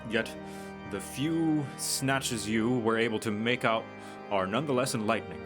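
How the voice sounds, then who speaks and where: A man's voice: fairly low pitch, natural voice. A man reading as a stern inquisitor knight. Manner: formal measured proclamation. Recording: game music under voice. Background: video game music.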